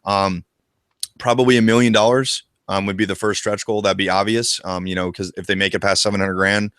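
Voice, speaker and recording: A man co-hosting a casual live discussion about a video game, talking in an excitable, profane and animated way. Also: lowish voice, a little fast, clean tone, dry recording, clean studio sound. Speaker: co-host of a retro gaming show.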